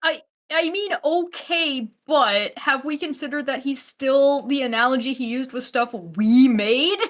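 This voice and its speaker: A woman co-hosting a casual stream, trading quick jokes and banter. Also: high-pitched. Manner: joking, quick banter with frequent laughter. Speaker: co-host guest. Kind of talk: casual chat.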